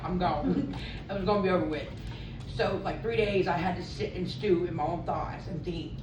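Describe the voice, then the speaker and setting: A woman's voice: on the low side, noisy background. A woman telling a candid personal story in a rambling way, quoting what others said along the way. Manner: rambling, quotes others' lines. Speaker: interviewee sharing a recovery story. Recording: roomy sound from a distant mic.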